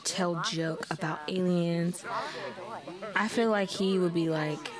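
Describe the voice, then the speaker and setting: A woman's voice: lowish voice, steady tone, a crowd in the background. Chatty giggly woman narrating gameplay. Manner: chatty, giggly, voices her characters in quick asides. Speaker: let's play host. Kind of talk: casual gameplay commentary.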